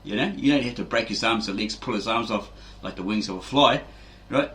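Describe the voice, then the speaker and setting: A fairly low-pitched male voice, fairly quick and a bit bright, belongs to a fitness channel host giving a rambling, casual explanation. He acts out quotes and keeps asking "right?"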